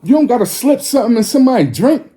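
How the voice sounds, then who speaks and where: A man in his forties, with a very high-pitched, warm voice and lively intonation, speaks fast. He delivers a confrontational, preachy monologue to his viewers, scolding and lecturing them with profanity.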